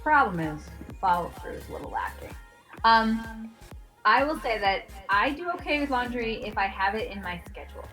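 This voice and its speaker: A woman's voice: fairly high pitch, animated, normal speed, sharp tone, faint music behind. A woman co-hosting a casual live stream from her home office, talking in a wry, chatty way. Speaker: co-host.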